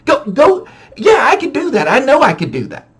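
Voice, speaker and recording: A man's voice: extremely high pitch, huge pitch swings, moderate pace, pitched above the performer's own voice, full character voice. A man voicing his boastful, stubborn younger brother as a small boy, insisting over and over. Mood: insistent bragging. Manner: insistent, repeating himself.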